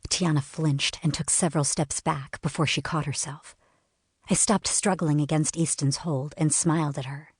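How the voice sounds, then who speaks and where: A woman narrating a first-person novel in a measured, expressive reading. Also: deep voice, slightly rough, dry recording, clean studio sound. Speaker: audiobook narrator.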